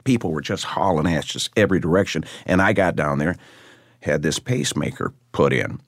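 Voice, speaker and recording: Deep-voiced older man telling a story. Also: a little fast, dry recording, studio quality. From Michigan. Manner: animated storyteller, acts out voices in his anecdotes. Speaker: guest musician. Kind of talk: interview storytelling.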